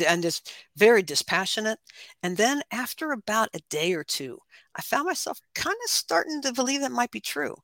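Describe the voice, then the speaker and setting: Bright, earnest woman sharing her story. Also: mid-range voice, lively intonation, moderate pace, no room sound. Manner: earnest, reflective, repeats words when emotional. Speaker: guest, life coach and author. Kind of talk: candid interview conversation.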